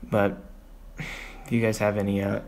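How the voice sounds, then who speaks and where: A man's voice: on the low side, completely flat delivery, measured pace, darkish tone, slight background noise. Frustrated young man venting on a livestream. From Texas. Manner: frustrated, rambling, sighing. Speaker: vlogger on a livestream.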